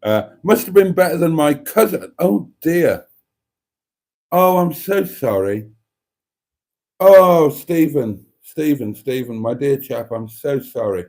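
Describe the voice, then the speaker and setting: A man's voice: a little high, animated, takes it slowly, a little mellow. A middle-aged man hosting a casual livestream, reading viewer comments aloud in a raised voice and answering with mock denials and chatty asides.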